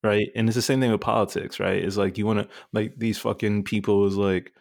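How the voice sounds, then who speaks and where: A man with a low, gravelly voice riffs in casual podcast chat, swearing freely and working himself up. The sound is dry and close. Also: flat delivery, fast, few pauses, no echo. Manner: profane, riled-up, laughing asides. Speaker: podcast co-host.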